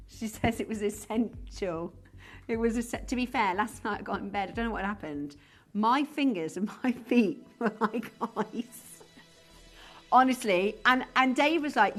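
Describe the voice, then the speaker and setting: A woman hosting a live shopping show, talking in a chatty, enthusiastic way with a lively, swooping pitch. Her middle-pitched voice comes through a studio mic with faint music playing underneath. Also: unhurried, long pauses. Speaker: shopping channel presenter. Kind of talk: live TV sales presentation.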